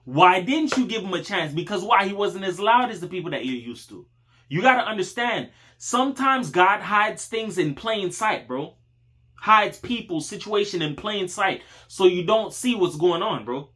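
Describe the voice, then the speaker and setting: A man's voice: high voice, animated, normal speed, sharp tone. A man hosting his channel, giving a casual motivational talk in slangy street speech, calling the listener dog and bro. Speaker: channel host.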